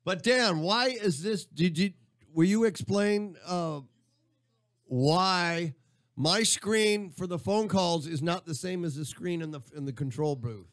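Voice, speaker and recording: A man's voice: high-pitched, takes it slowly, fairly bright tone. A man hosting a live radio talk show, bantering and joking with his co-hosts in the studio. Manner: jokey, talks over others.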